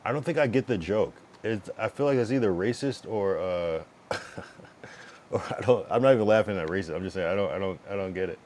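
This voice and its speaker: A man's voice: lowish voice, fairly quick, background noise. A male streamer chatting casually to his viewers, rambling, profane and blunt, with lots of fillers. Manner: talks to chat while fiddling with his stream setup. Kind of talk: casual livestream chat.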